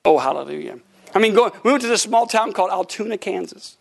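A middle-aged man, a pastor, telling animated stories from the pulpit during a sermon, breaking into laughter and shouts at the punchlines. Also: high-pitched, quick pace, gravelly. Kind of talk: sermon storytelling. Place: church sanctuary.

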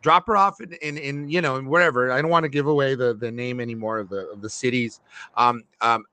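Man, podcast host, bright voice, long-winded, animated storyteller, dry sound. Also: mid-range voice, fairly quick, dry recording. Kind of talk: casual storytelling chat.

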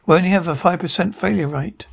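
Anxious scientist, voiced by a man, defensive, gravelly, slightly high. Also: fast, heavily acted. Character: nervous, defensive alien scientist.

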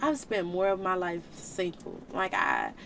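A woman's voice: on the low side, wildly swooping pitch, unhurried, creaky, a bit bright, slight background noise. A woman hosting a faith podcast, speaking in an earnest, emotional, preaching way, with casual slang. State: tearful at times. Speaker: podcast host.

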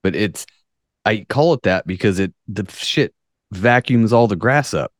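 A man's voice: on the low side, animated, a little slow, dry recording, clean studio sound. A man from the United States hosting a casual podcast, reading news stories aloud with sarcastic, profane asides. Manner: profane, jokey, reads articles with sarcastic asides. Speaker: podcast host.

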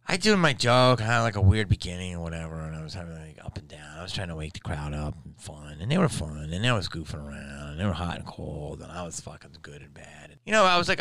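A tired man, a podcast host and stand-up comic, ranting and telling a story in a profane, animated way with sudden loud outbursts. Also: deep voice, brisk, dry recording. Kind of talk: casual ranting monologue.

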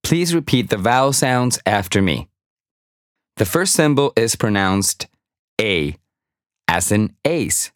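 A man narrating a language course, speaking slowly and carefully so listeners can repeat after him. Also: on the low side, no room sound, studio quality. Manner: slow, carefully enunciated, prompting repetition. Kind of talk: scripted instructional narration.

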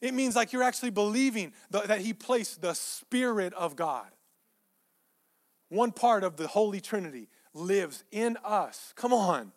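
Male pastor, high tenor, emphatic repetitive sermon delivery with soft-to-loud swings. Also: animated, unhurried. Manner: emphatic, repeats phrases, swings between soft asides and loud peaks.

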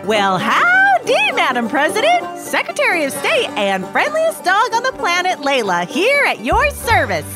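A woman's voice: very high voice, wildly swooping pitch, a little slow, few pauses, over music, heavily acted. A woman voicing a bubbly, country-talking female dog who gushes and uses cutesy pet names. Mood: gushing.

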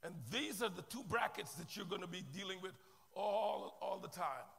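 A male pastor preaches with fiery, rising intensity, his voice set unusually high and heavy with a gravelly fry. His tone is bright and tense. The sermon rings out through a large reverberant church hall, with soft music underneath. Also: normal speed. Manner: impassioned preaching, rising to shouted worship. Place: church sanctuary.

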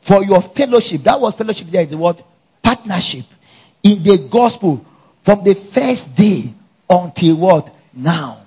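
High husky preacher man. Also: a little slow, highs cut off. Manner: animated, call-and-response with congregation. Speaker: pastor. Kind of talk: sermon. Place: church conference.

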